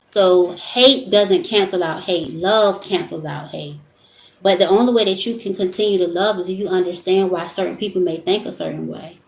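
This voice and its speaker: A woman's voice: on the low side, moderate pace, vocal fry. A woman vlogger talking casually about spiritual topics in a rambling, storytelling way. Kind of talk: casual monologue. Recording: echoey room.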